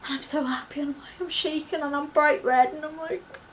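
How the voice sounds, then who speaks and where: Young woman, high-pitched, excitable storyteller; light background noise. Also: a little fast. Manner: breathless, gushing, acts out quoted voices. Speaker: vlogger.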